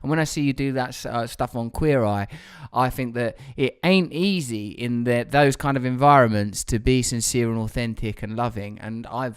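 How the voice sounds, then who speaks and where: A man's voice: medium pitch, moderate pace, hardly any pauses, clean tone. A man in his forties with an English accent, hosting a podcast and talking in a rambling, self-interrupting way. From England. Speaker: podcast host. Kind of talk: casual conversation.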